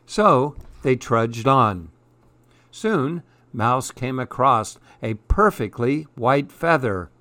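A man reading a children's picture book aloud in a calm, measured storytelling way. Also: mid-range voice, no room sound.

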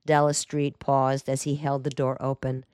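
A woman reading a detective novel aloud in a measured, even storytelling manner. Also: extremely low pitch, clear, resonant tone, dry recording, clean studio sound. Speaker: audiobook narrator. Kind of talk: scripted narration.

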